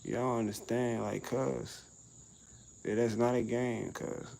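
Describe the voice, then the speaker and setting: A man's voice: mid-range voice, level tone, takes it slowly, creaky, darkish tone, poor audio. A middle-aged man vlogging outdoors on a summer evening, talking in a laid-back, slangy way and laughing often. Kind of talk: casual outdoor vlog rant.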